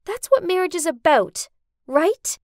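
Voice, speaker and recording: An earnest young woman, high voice that jumps around a lot, animated story. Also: unhurried, no room sound, clean studio sound, full character voice. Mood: firm. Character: distressed young woman Tracy, indignant and principled.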